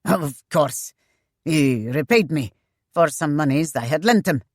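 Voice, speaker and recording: A woman's voice: low-pitched, lively intonation, unhurried, dry recording. A woman voicing a thin, nervous male agent who stammers and flusters, in a dry recording. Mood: flustered.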